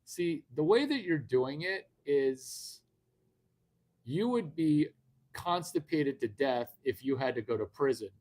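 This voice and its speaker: A man's voice: on the high side, expressive, slow pace, a little mellow. Brash, profane man hosting a livestream. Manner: brash, profane, rambling, addresses viewers directly. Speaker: livestream host. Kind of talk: unscripted livestream talk.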